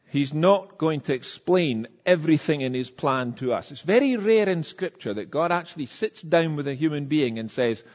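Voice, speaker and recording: A man delivers a sermon in a chatty, animated way, acting out the voices in the stories he tells. His voice sits a bit high. The sound is dull and lo-fi, with a long church-hall reverb. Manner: conversational, animated storytelling with acted-out quotes. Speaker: preacher.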